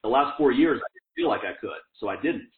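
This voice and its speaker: A fast-talking man with a tinny, phone-like sound and an echo around his voice. He talks in a casual, profane, fired-up way, swearing often and laughing between points. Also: medium pitch, lively intonation.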